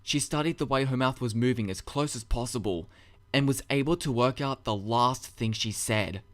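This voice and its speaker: A man narrating his own story in a dramatic audiobook reading, with measured, expressive storytelling. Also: mid-range voice. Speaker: narrator and author.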